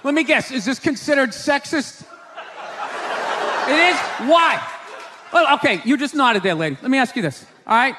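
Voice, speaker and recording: High-pitched ranting male comedian. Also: lively intonation, normal speed, long pauses. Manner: ranting, frequently shouting punchlines. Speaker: stand-up comedian. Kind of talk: stand-up comedy set. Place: comedy stage before a live audience. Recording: live show hall with crowd noise. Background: audience laughter and murmur.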